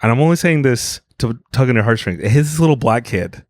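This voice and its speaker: A man's voice: medium pitch, lively intonation, fast talker, darkish tone, no room sound. Dry-sounding grumpy male podcast co-host. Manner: rambling storyteller who acts out quotes; grumpy self-declared hater. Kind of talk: casual comedic chat.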